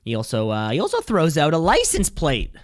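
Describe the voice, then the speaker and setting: Joking man with lively pitch. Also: fairly quick, dry recording, studio quality. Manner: joking, trails off into long filler chains. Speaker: podcast co-host. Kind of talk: casual chat.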